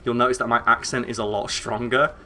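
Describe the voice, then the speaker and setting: A young northern English man streams a game with loose, sweary, rambling chatter full of "like." His voice is bright and forceful at an ordinary middle pitch. Faint background noise sits under his talk. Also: fast. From northern England. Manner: excitable, sweary, rambling with frequent "like" fillers. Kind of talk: casual gameplay commentary.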